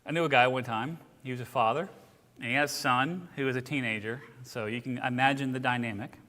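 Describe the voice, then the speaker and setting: This man's mid-range voice is bright and forceful, moving fairly quickly as he leads a casual church Bible class. He tells stories in a conversational manner with asides, recorded in a church hall with long reverb.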